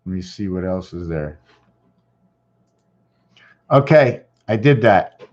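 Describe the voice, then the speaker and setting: A man's voice: low voice, lively intonation, takes it slowly, a little mellow. Rambling man on a dull lo-fi mic. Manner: distracted, thinking aloud, repeats himself. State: losing his voice. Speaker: channel host. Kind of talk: rambling casual livestream talk. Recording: dull lo-fi recording.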